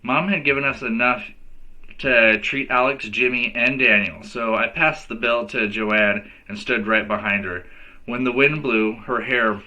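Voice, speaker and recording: A man's voice: medium pitch, measured pace, low-quality recording. A male teacher reading a children's novel aloud to kids, giving each character a voice. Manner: lively storyteller who voices each character.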